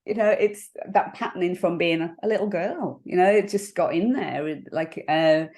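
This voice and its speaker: A woman coach talking in a casual interview. She is reflective and halting, and she laughs often as she explains her thinking. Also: lowish voice, darkish tone. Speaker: NLP coach.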